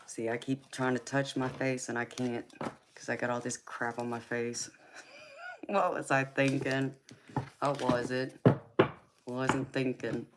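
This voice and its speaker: Southern lady talking real slow and low on her live stream, sweet with the chat, calls everyone honey. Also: little pitch movement, very noisy. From California. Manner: soft-spoken, affectionate, calls viewers honey and baby. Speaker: livestream host and tarot reader. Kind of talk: casual live chat with viewers.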